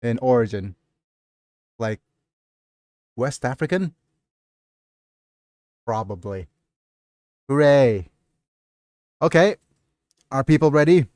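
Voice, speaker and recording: A man's voice: mid-range voice, animated, slow, long pauses, darkish tone, dry recording, studio quality. A man hosting a casual livestream who chats with his viewers in a rambling way, answering their messages between stretches of reading aloud from a story. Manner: rambling, answers chat as he goes. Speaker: livestream host.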